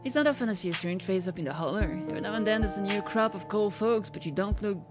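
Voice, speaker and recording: A woman voicing a laid-back young woman from a small country town, reading game dialogue aloud in a drawled, deadpan way. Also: medium pitch, fast talker, lightly acted. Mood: teasing. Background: game music.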